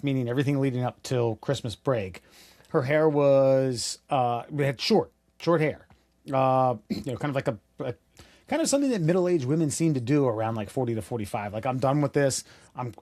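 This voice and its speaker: Male podcast co-host, mid-pitch, laid-back, casual swearing, dry close mic. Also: expressive, moderate pace, a little mellow, no echo. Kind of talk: casual chat.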